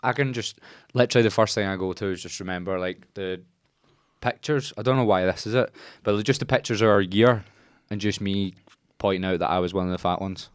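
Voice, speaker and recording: Deep voiced guy hosting a podcast, swears a lot, dead dry sound. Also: a little fast, smooth, no echo. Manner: sweary, laughs often, chatty. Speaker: podcast host and coach. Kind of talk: casual podcast chat.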